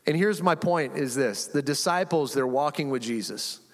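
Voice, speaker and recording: A man preaching a conversational, animated sermon as pastor in a church, acting out quotes and chuckling often. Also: a little high, moderate pace. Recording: long reverb of a large room.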